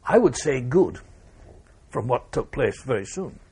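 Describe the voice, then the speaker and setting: Gravelly older veteran recalling war. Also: male voice, medium pitch, sing-song, a little mellow. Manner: measured recounting with pauses and restarts. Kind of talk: oral history interview.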